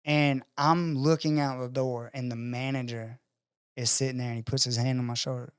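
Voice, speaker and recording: A podcast guest tells a personal story in casual conversation, animatedly acting out other people's voices and swearing freely. His mid-range voice has a clean tone at a moderate pace, in a dry, studio-quality recording.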